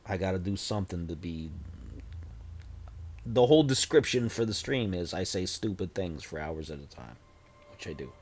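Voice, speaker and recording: A man's voice: low-pitched, lively intonation, normal speed, pauses often, a little mellow, slight background noise. A man in his forties chatting casually on a livestream, rambling with self-deprecating, jokey asides into a desk microphone. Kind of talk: casual stream chat.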